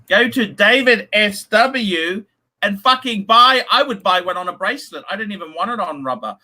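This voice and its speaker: A man's voice: high-pitched, animated, normal speed, pushed and bright. A man hosting a casual livestream, reading donations and ranting bluntly with lots of swearing. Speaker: livestream host.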